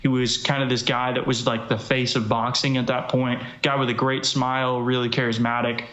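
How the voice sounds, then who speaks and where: A man's voice: medium pitch, flat delivery, a little fast, fairly bright tone. Rambling man co-hosting a live chat. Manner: rambling, lots of fillers and "you know". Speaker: MMA show co-host. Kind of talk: casual live-stream chat. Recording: echoey, slightly dull sound.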